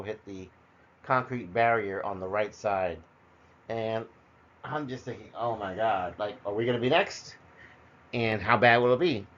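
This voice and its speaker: A middle-aged man with a fairly low voice tells personal stories in a rambling, conversational way, full of fillers and restarts. The recording is dull and lo-fi, and the highs sound muffled. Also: a bit bright. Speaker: storyteller. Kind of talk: personal storytelling monologue.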